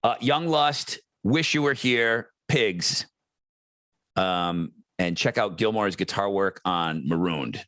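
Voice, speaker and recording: A man's voice: on the low side, lively intonation, takes it slowly, sharp tone, dry recording. A middle-aged man co-hosting a podcast in casual chat, loose and chatty, reading out listener messages. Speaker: podcast co-host.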